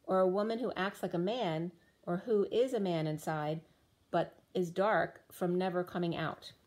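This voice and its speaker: A woman's voice: lowish voice, fairly even intonation, moderate pace, darkish tone. A woman giving a spiritual tarot reading, drifting through loose, dreamy associations, her voice starting to give out. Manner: dreamy, free-associating, rhyming asides. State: losing her voice. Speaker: tarot reader.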